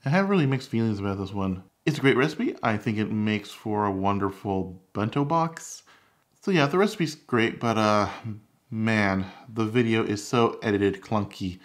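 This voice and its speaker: At normal speed and with an expressive voice on the low side, a man reviews his own recipe videos on his cooking channel, chatting candidly in a casual vlog style.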